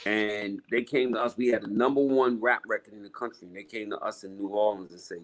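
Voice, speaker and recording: A man's voice: fairly low pitch, fairly even intonation, a little fast, few pauses, low-quality recording. A middle-aged man, a rapper guest telling stories in a casual interview, emphatic and profane with street slang.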